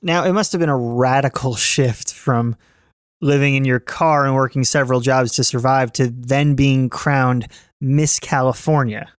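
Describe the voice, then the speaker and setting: Guy interviewing, mid pitch, smooth voice, asks measured questions. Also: steady tone, dry recording.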